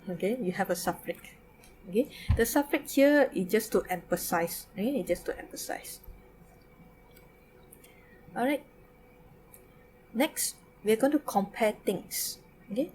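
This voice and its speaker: Woman, Malaysian English accent, recorded online lesson, mid-pitched voice, faint hiss behind. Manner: mixes English, Malay and Mandarin, repeats "okay" often. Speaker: Mandarin teacher.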